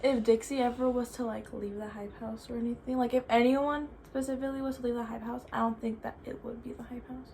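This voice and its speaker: A woman's voice: fairly high pitch, flat delivery, quick pace, few pauses, a little mellow, slight background noise. Chatty girl full of "like"s. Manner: chatty, filler-heavy with frequent "like". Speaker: vlogger answering viewer questions. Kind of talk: casual chat.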